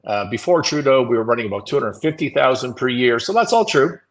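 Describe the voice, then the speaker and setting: Male morning-show host, mid-pitched, blunt opinionated commentary, animated, swears freely. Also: quick pace, rough recording. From Canada.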